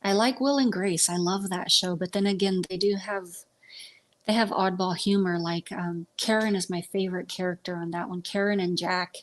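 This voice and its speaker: A woman's voice: lowish voice, fairly even intonation, moderate pace. A woman hosting a casual livestream from home, chatting to viewers about movies with a rambling manner and many ums. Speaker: livestream host. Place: at home with pets.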